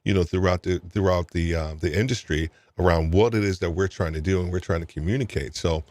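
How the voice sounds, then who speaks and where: A man's voice: deep voice, brisk, a little mellow, no room sound. A man hosting an interview podcast, talking casually and rambling with many repeated words. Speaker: podcast host.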